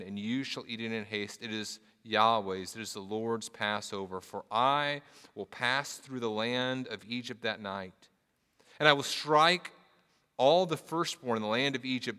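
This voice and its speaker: A man's voice: medium pitch, bright, forceful tone, smooth, in a large hall. A man preaching a sermon, reading scripture aloud and telling a story with earnest emphasis and casual asides. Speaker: pastor.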